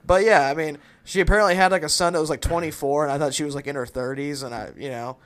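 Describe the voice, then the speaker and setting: A man's voice: fairly high pitch, fairly even intonation, fast talker, a bit bright. A man co-hosting a podcast, telling a rambling story with many fillers. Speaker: podcast co-host. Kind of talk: casual storytelling chat.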